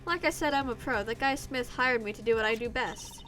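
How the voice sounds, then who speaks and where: A woman's voice: on the high side, a little fast, a bit bright, slight background noise, close to an everyday voice. A woman voicing a sly female card dealer on the witness stand, speaking in a put-on Russian accent with a smug, evasive manner. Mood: scheming.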